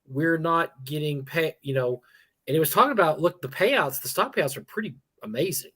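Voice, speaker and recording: A man's voice: on the high side, sing-song, a little fast, pushed and bright, husky. A man co-hosting a casual gaming talk stream, rambling and chuckling as he acts out quoted players. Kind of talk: casual chat.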